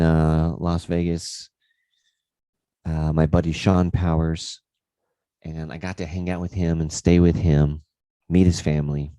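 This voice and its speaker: A man's voice: low voice, warm tone, clear, resonant tone, dry recording. A man hosting a fitness livestream, telling a rambling story in a casual way and swearing freely.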